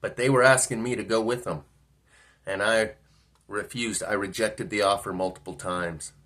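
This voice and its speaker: A man's voice: lowish voice, fairly even intonation, normal speed, fairly bright tone. A man telling a personal story in a rambling, musing monologue, often asking himself questions. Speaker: vlogger.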